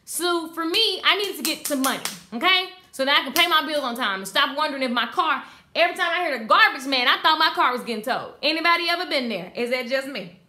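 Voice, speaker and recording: Speaking fast in a high voice, this beauty business coach teaches hairstylists in a live online session. She talks straight to the audience with lots of emphasis and energy, reading out viewer comments.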